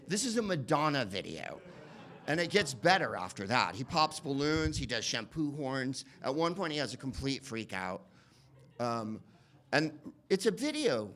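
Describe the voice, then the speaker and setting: A man doing stand-up comedy, rambling and profane, slipping into quick voice impressions. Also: medium pitch, sing-song, a bit bright. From United States. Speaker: comedian and podcast host.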